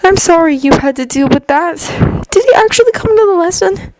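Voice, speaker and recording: A woman voicing an excitable, gentle teenage boy who sounds bright, earnest and eager. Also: very high-pitched, fairly quick, dry recording, voice pushed up. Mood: earnest, caring.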